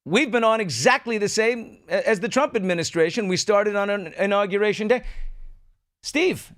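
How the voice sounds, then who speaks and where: A middle-aged male host riffs with sardonic, animated energy. His voice sits fairly high for a man. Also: normal speed. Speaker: talk show host. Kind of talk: casual political commentary.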